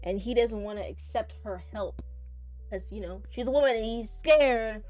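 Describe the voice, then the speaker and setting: A woman recapping a romance manga on her channel, casual and profane, gushing and swinging between loud and soft. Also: fairly high pitch, normal speed, no room sound. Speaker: manga reviewer.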